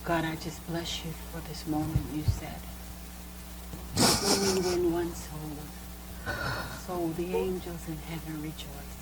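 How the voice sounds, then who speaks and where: A woman minister ministering and praying aloud on a TV program, fervent and deliberate, with soft music behind her. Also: sits low, fairly even intonation, heavy background noise. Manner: fervent, slow and deliberate, preacherly. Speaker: Christian minister.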